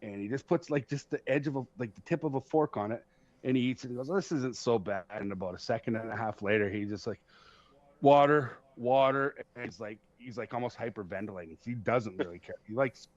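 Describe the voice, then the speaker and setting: A man hosting a podcast, telling stories in a casual, profane, animated way and laughing at himself. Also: fairly low pitch, fast, no room sound. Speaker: podcast host. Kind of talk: casual storytelling chat. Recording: dull lo-fi sound.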